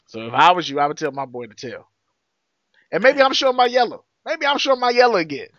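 Bright-voiced blunt man, dull dry audio. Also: high voice, big pitch swings, quick pace, no room sound. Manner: blunt, emphatic opinions. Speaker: podcast co-host. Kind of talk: casual chat.

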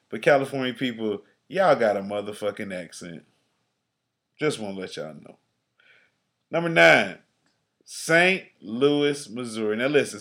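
Profane, laughing podcast host. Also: male voice, medium pitch, a bit bright. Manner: loose, profane, laughs often, stammers into points. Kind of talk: casual comedic chat.

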